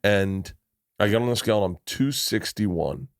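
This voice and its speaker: A man's voice: lowish voice, expressive, moderate pace, dry recording, studio quality. A middle-aged man hosting a podcast, telling stories in a rambling, restart-filled way with plenty of swearing. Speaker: podcast host. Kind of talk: casual chat.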